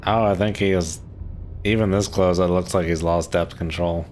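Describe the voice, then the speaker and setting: Casting note: man in his thirties, very low voice, relaxed streamer rambling through commentary, lots of "like". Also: moderate pace, slight background noise. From Maryland, USA. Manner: rambling, laid-back, heavy on "like" fillers. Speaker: game streamer. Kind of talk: casual live-stream commentary.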